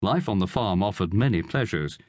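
A man narrating a historical novel as an audiobook reader, in a measured, expressive storytelling manner. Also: low voice, dry recording. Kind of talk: scripted narration.

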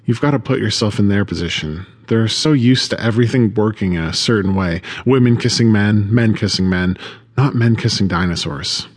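A man voicing a gentle male raptor with a deep drawl, in an audiobook. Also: moderate pace, slightly rough. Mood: reassuring.

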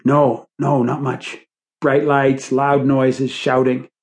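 A man voicing a panicked injured man who screams for help in a high, desperate voice. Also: completely flat delivery, takes it slowly, natural voice. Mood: weak, dazed.

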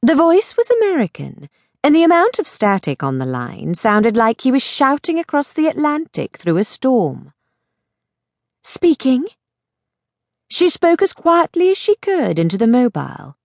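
A woman narrating a mystery audiobook in a measured, expressive storytelling manner. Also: high voice, creaky, no room sound, clean studio sound.

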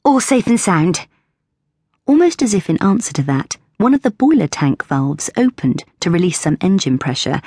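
A woman narrating an audiobook in a measured, even storytelling manner. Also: fairly low pitch, slightly rough, dry recording, clean studio sound.

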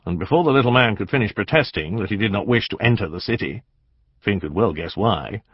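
A man reading a historical novel aloud as an audiobook narrator, measured and dramatic. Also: lowish voice, lively intonation, slightly rough, no room sound, muffled recording. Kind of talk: scripted narration.

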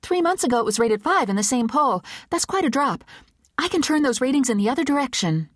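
A woman doing a high, eager young reporter. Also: animated, dry recording, studio quality. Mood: pleading. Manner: quick, pleading, breathless.

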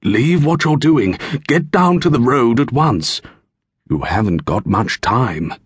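A man's voice: mid-range voice, animated, takes it slowly, slightly rough, no room sound, voice pushed up. A man voicing a mysterious, very tall cloaked stranger who speaks urgently and in riddles. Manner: urgent, cryptic.

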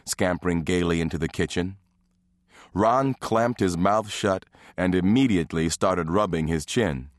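A man narrating an audiobook in a measured, even reading. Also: deep voice, dry recording, clean studio sound. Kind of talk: scripted narration.

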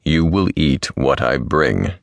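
A stern Viking warlord, as a male narrator puts him on, very deep and slow, commanding with a hidden tenderness. The audiobook sound is dry and close. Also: expressive, gravelly, no echo, heavily acted. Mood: firm. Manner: low, measured and commanding.

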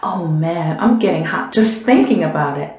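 A woman voicing an eager, excitable young woman in an audiobook, talking quick and breathless. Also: fairly low pitch. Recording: roomy echo.

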